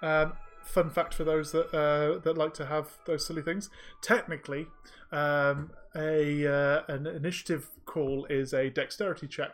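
A low-voiced woman runs a tabletop game as its game master. She talks loosely, with many ums and uhs. Faint music plays under her. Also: level tone, a little slow. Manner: filler-heavy, chuckling.

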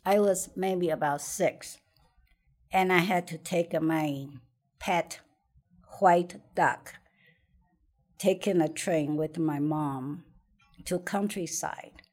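A woman's voice: on the low side, takes it slowly, long pauses, darkish tone. A middle-aged woman telling a personal childhood story in conversation, hesitant, repeating words and laughing often. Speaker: interviewee.

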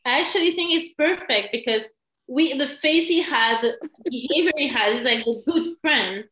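Woman, casual chat, lots of "like", bright voice, echoey room. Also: high-pitched, normal speed. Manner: thinks aloud with many "like"s. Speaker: podcast co-host discussing a film.

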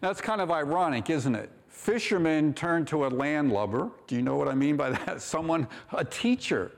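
A man's voice: fairly high pitch, expressive, moderate pace, creaky. A man preaching a sermon as pastor, raising his voice for emphasis and acting out quoted lines. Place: church sanctuary. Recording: long church hall reverb.

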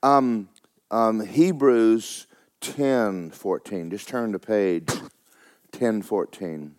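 A middle-aged man preaching a sermon, swinging between loud fervent exhortation and soft asides. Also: on the low side, extremely slow. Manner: animated preaching, rising to near-shouts, then dropping soft. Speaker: pastor.

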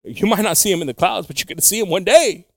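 A male preacher delivering a bilingual sermon, moving from quiet, halting, intimate talk to loud, slow, drawn-out scripture reading. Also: high-pitched, vocal fry, dry recording, clean studio sound. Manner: halting, with frequent fillers and restarts.

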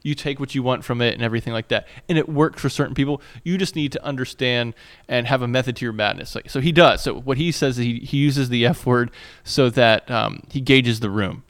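A man's voice: medium pitch, a little fast, hardly any pauses, fairly bright tone. A man in his thirties co-hosting a podcast, talking casually and rambling with lots of fillers and restarts. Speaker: podcast co-host. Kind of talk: casual chat. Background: landscaping noise outside.

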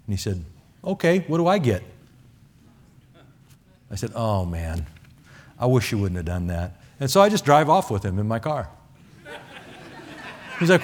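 A man preaching a sermon as a missionary, telling stories in a chatty, animated way with many fillers. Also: on the low side, measured pace, pauses often, a little hiss or hum. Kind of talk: sermon with storytelling. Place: church sanctuary.

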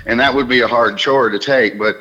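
Southern man telling a story by phone. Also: medium pitch. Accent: Southern US, softened by New York. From Alabama. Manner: animated storyteller, quick restarts. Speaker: stand-up comedian guest. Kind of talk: phone-in radio interview, storytelling. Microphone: phone line. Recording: radio phone call.

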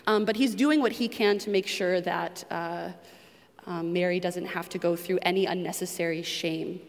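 A woman from New England giving a conversational teaching sermon and putting questions to the congregation. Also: mid-range voice. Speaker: preacher. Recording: long reverb of a large room.

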